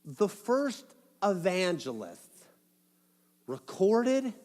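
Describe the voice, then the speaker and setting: A man's voice: sits high, big pitch swings, very slow, a little mellow. A man preaching a sermon as a pastor, casual and playful, acting out little asides as he tells the story. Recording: long hall reverb.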